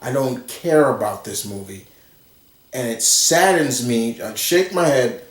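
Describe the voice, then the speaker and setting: A man's voice: mid-range voice, animated, unhurried. A man ranting bluntly and profanely in an exasperated movie commentary vlog. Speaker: commentary vlogger. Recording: roomy echo, far from the mic.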